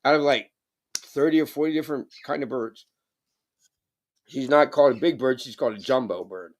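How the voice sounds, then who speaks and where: A man's voice: mid-range voice, brisk. A man chatting casually on a live stream, rambling and swearing while stoned. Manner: rambling, swearing, laid-back. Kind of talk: casual chat.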